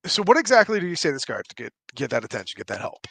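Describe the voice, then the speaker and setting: A man's voice: a little high, very animated, racing, gravelly, fairly bright tone, breathy edge, no echo. A man narrating as game master of a tabletop game, loose and profane. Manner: loose, profane, self-mocking.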